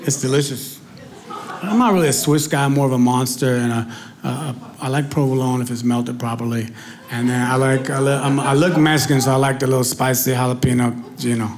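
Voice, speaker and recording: A man performing stand-up comedy, telling an animated story to the crowd on a club stage. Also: medium pitch, a little fast.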